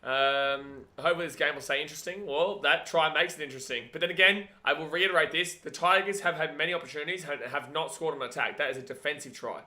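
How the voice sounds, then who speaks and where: A man hosting a live watch-along of a rugby league match, chatting casually and getting excitable, at times yelling at the screen. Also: a little high, quick pace, few pauses.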